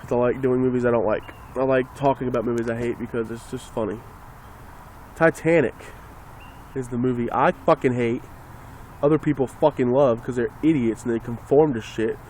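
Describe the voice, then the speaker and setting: A man's voice: medium pitch, fairly even intonation, moderate pace, darkish tone, a little hiss or hum. Profane rambling man ranting into a phone. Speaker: vlogger. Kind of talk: casual ranting monologue.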